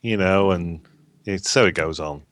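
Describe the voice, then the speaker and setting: A man's voice: low-pitched, unhurried, a bit bright, dry recording, studio quality. A man chatting on a talk show in a laid-back, musing way. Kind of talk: casual chat.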